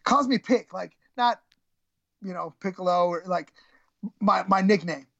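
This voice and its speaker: A man's voice: high-pitched, a little slow, vocal fry, a bit bright, dry recording, dull audio. A middle-aged man, a former college wrestler, telling stories as a guest, rambling and self-mocking, with many fillers and restarts. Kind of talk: casual storytelling interview.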